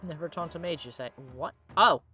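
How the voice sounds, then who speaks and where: A woman's voice: on the low side, normal speed, pushed and bright, faint music behind. A woman hosting a let's play, chatting casually and playfully about the game, often giggling and reading chat aloud. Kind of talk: casual gameplay commentary.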